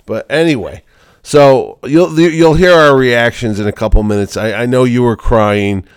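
A man's voice: mid-range voice, clean tone, dry recording, studio quality. A man hosting a casual podcast, chatting about a movie he saw. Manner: chatty, talks quickly with restarts. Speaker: podcast host, convention organizer.

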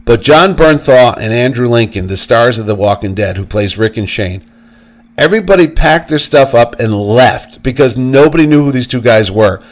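A man's voice: medium pitch, normal speed. A man co-hosting a podcast, telling a story in casual chat and acting out the people in it. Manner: animated storyteller acting out quotes. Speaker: podcast co-host.

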